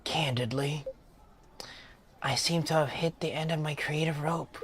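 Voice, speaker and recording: A man's voice: on the high side, steady tone, unhurried, fairly bright tone, a little hiss or hum, voice pushed up. A man putting on a glum British singer. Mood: gloomy. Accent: British, put on. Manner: glum, self-critical. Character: weary male singer with creative block. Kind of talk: game character voice-over.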